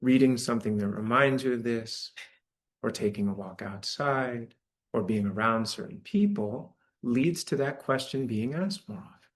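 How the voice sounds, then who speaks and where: A man's voice: medium pitch, moderate pace. A man giving a dharma talk to a live audience in a church hall, speaking conversationally and often checking in with "right?". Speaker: meditation teacher.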